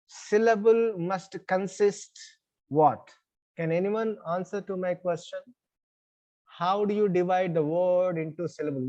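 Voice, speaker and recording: A man with an Indian English accent teaching over a video call, his voice on the high side yet soft and mellow. He explains step by step and keeps checking in with the class. The sound is dull and lo-fi. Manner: repeats "right?" as check-ins, measured explaining. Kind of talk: online class lecture.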